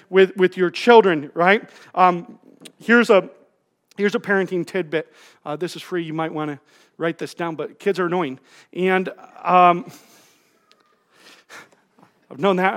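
A pastor delivering a laid-back, funny sermon from the church stage, his voice sitting high for a man. He is middle-aged, talks into a stage mic, and keeps breaking into self-mocking asides. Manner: humorous, self-deprecating, animated asides. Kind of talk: conversational sermon. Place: church sanctuary.

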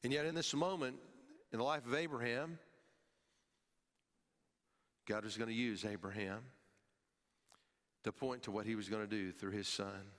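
A male pastor preaching a sermon, emphatic, his voice rising and falling sharply and dropping low at the ends of phrases, sometimes repeating words as he restarts. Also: normal speed, pauses often, a bit bright. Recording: long hall reverb.

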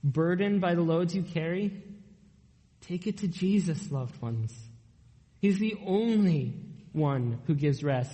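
A young man preaching a sermon, earnest and emphatic, drawing out key lines slowly. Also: a little high, expressive, mellow, big-room sound, low-quality recording. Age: young adult.

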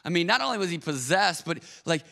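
A man's voice: sits high, lively intonation, quick pace, gravelly, sharp tone. A man preaching a casual sermon, talking in a conversational way and often repeating his words. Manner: conversational, repeats words, acts out quoted voices. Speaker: pastor.

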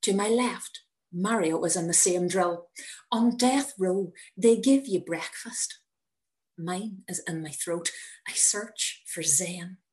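A woman reading her own personal story aloud in a measured, wry manner. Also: fairly low pitch, darkish tone. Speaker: narrator.

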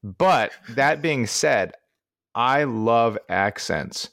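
A man's voice: medium pitch, animated, extremely slow, vocal fry, fairly bright tone, no echo, clean studio sound. A man with a Midwestern American accent, co-hosting a podcast in casual, rambling chat with frequent laughs and restarts. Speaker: podcast co-host.

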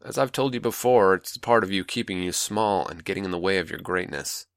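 A man playing a manipulative older male mentor, calm, patronizing and coaxing, in a dry close recording. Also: sits low, fairly quick, dry recording.

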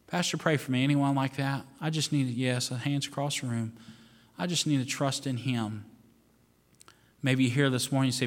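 A man's voice: mid-range voice, steady tone, moderate pace. A man preaching as pastor in a church sanctuary, pleading earnestly in a repetitive cadence during a sermon and altar call. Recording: reverberant church hall with soft music. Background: soft piano.

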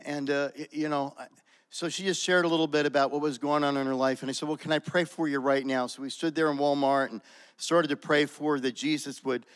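Halting man telling a testimony. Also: fairly high pitch, steady tone, clear, resonant tone. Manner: halting, with many fillers and restarts. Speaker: church member sharing a testimony. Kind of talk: casual spoken testimony. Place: church service room. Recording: long hall reverb.

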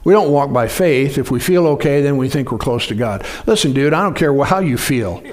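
A man's voice: medium pitch, lively intonation, brisk, a little mellow. A man preaching a sermon, exhorting the congregation and telling a story loosely with many restarts.

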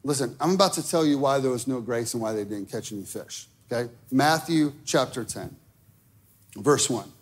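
A man's voice: mid-range voice, lively intonation, normal speed, breathy edge. A man preaching a sermon, conversational and direct, checking in with the listeners often. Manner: conversational preaching with frequent okay and right. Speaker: pastor.

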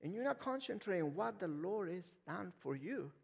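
A man's voice: high-pitched, very animated, normal speed, gravelly, slightly rough. A man preaching a sermon as a lay missionary, speaking emphatically, repeating words as he builds up and asking the congregation frequent questions.

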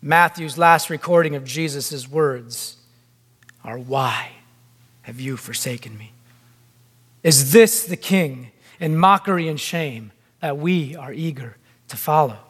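A man preaching a sermon in a deliberate, emphatic way, with long pauses between phrases. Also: on the high side, a bit bright. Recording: long hall reverb.

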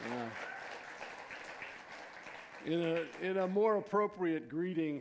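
A man's voice: a little high, animated, slow pace, pauses often, some chatter behind. A man in his sixties, a pastor who prays and then greets his church in a chatty, rambling way full of fillers and restarts. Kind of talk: sermon with prayer and casual church greeting. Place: church sanctuary.

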